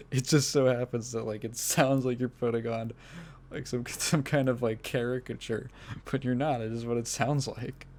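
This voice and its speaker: Steady in tone and moving at normal speed, this man's mid-range voice has a darkish color, with slight background noise. As the lone host of a gaming podcast, he rambles casually, swears liberally, and breaks into laughter mid-sentence.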